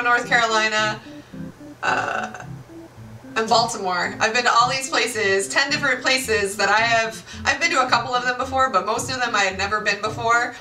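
A woman's voice: fairly high pitch, sharp tone. Bubbly chatty young woman, roomy echo. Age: 20s. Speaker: YouTuber. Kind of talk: casual chat to camera. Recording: roomy echo, far from the mic, music behind. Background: music.

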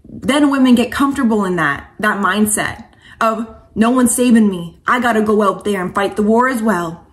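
A woman coach and vlogger giving an impassioned, preachy monologue to camera, casual and slangy, calling viewers sweetheart and honey. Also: fairly high pitch.

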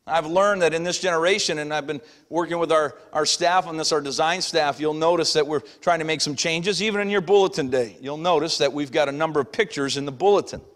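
This middle-aged man speaks as a pastor, delivering a homey, chatty sermon and slipping into little everyday character voices. His voice runs a little high and a bit bright. The recording, made in a church sanctuary, carries long hall reverb.

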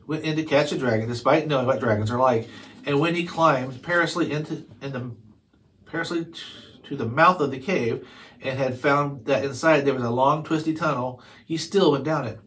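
A man's voice: medium pitch, fairly bright tone, a little hiss or hum, poor audio. Man reading a chapter book aloud. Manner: stumbles over words and corrects himself. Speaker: storybook reader.

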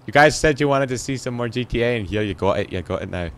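A man's voice: medium pitch, animated, fast talker, a bit bright. A man hosting a gaming channel, rambling and joking to himself as he plays. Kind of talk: let's play commentary.

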